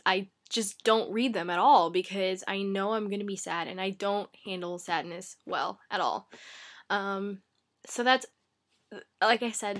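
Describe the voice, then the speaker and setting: A woman's voice: mid-range voice, fairly bright tone. A woman book vlogger talking casually to camera from her bedroom, rambling and chatty, with lots of "like" and "um".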